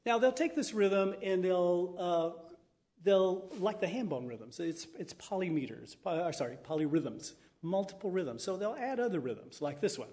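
A man with a slightly high voice, teaching a crowd like a lively workshop leader. He explains traditions at an easy pace, then breaks into chanted rhythms and invites everyone to chant along. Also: normal speed. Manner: chants rhythms and calls on the audience to join in. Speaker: music and dance teacher. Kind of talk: interactive talk leading an audience.

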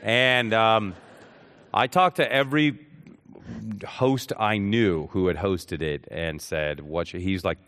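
A man in his thirties, a comedian guest on a talk show, telling quick funny anecdotes and laughing along. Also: lowish voice, fairly bright tone. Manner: fast comic storytelling with laughs.

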